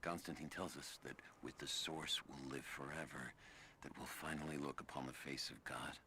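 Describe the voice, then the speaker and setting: An actor playing a calm male cult soldier, speaking slowly and quietly with menace in a game recording. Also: a bass voice, slight background noise, heavily acted. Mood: menacing.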